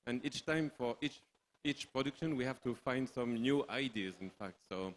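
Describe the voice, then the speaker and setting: A man's voice: mid-range voice, normal speed. French-accented man, faint noise behind. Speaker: film producer. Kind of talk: panel speech.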